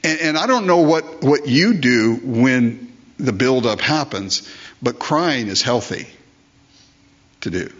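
Older male pastor, sermon delivery, rhetorical questions, mid pitch, slightly husky; muffled recording. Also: expressive, takes it slowly, fairly bright tone. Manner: emphatic, repeats phrases, asks rhetorical questions.

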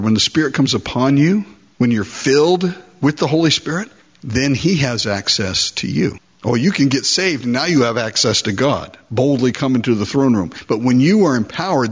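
A man preaching a sermon as pastor, lively and acting out little dialogues as he goes. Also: medium pitch, husky, dull audio. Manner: animated, acts out dialogues with God.

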